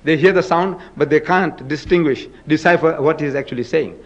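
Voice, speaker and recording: Speaking at a normal pace in a fairly high voice, a religious debate speaker gives a forceful public lecture, captured on a muffled recording. He throws rhetorical questions at the crowd and dramatizes the scripture he quotes.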